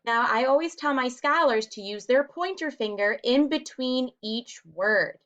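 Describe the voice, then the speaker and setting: A woman teacher walking young children through a writing lesson in a slow, deliberate, encouraging way. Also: high-pitched, expressive, fairly bright tone. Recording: dull, lo-fi home recording.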